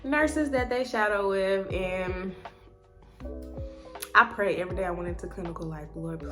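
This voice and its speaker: Chatty nursing student girl, says like a lot, mid pitch, music in the back. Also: moderate pace, pushed and bright. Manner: chatty, leans heavily on "like" and "um". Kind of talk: casual chat.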